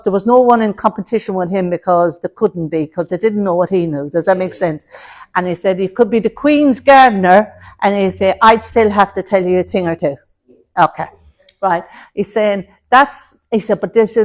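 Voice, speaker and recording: A woman's voice: mid-range voice, moderate pace. A woman giving a mediumship demonstration to an audience, relaying messages in a chatty way and calling people love and darling. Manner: chatty, warm terms of address, relays messages in quotes. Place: spiritualist centre hall before an audience.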